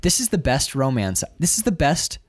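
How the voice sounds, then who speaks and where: Dry-recorded and speaking at a moderate pace, a medium-pitched podcast co-host chats casually about a film he's reviewing. He's animated and emotional, with plenty of swearing and frequent restarts.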